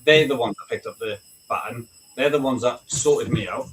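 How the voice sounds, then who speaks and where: A British army veteran, a man, is a guest on a casual video call, speaking at normal speed with a medium-pitched voice. He's blunt and candid, swears freely, and keeps asking "right?". The mic sits at a distance and picks up faint noise.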